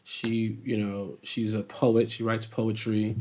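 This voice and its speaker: Laughing man telling animated stories. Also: fairly low pitch, slow pace. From Chicago, USA. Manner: laughs often, animated storyteller with many restarts. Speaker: guest actor. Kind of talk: casual storytelling in an interview.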